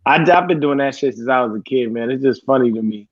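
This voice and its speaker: A man's voice: medium pitch, quick pace, dry recording, muffled recording. A man co-hosting a sports podcast, talking casually with lots of swearing and fillers. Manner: profane, rambling, many fillers. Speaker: podcast co-host.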